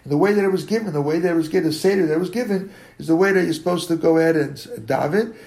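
Man, Talmud teacher, gravelly, halting delivery, slowly sounds out words. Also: on the high side, a little mellow. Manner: slowly sounds out words to show their pronunciation; halting, circling back to rephrase. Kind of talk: daily Talmud class.

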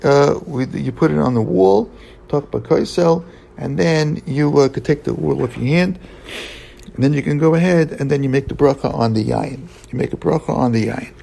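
A man teaching a Talmud lesson in a halting way, restarting his sentences often and mixing English with Hebrew and Aramaic terms. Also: fairly high pitch, vocal fry, dark tone, poor audio. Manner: halting, with many restarts and fillers. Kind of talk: Talmud study lecture.

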